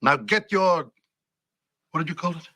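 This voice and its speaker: A man's voice: fairly high pitch, measured pace, bright, forceful tone. An actor playing a stern male company boss who is confronting a liar in firm, cutting film dialogue.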